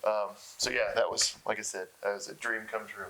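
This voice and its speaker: A young man telling stories in a casual interview, laughing often and getting excited. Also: on the low side, fairly quick, a crowd in the background, rough recording. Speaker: interview guest. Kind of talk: casual storytelling.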